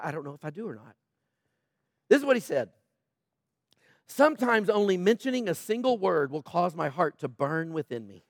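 A male pastor delivering a sermon with a notably high voice. He talks to the congregation in a conversational, earnest way and hammers home key phrases by repeating them. The sound is dry and close, with no room echo. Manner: conversational, calls out to congregation members.

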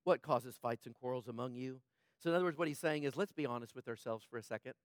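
A man preaching a sermon as pastor, impassioned, swinging between loud urgent passages and hushed ones. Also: medium pitch, fast talker, dry recording, studio quality.

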